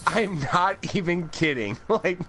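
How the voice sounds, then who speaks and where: A man co-hosting a casual pop-culture podcast, joking around and quick to laugh. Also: sits high, expressive, bright, forceful tone. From North America. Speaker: podcast co-host.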